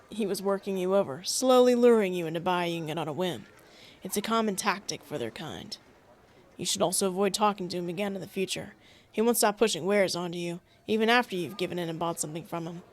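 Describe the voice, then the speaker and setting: A woman voicing a serious, protective male wolf companion who speaks calmly and gives warnings. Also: fairly low pitch, fairly quick, voice pushed down, lightly acted.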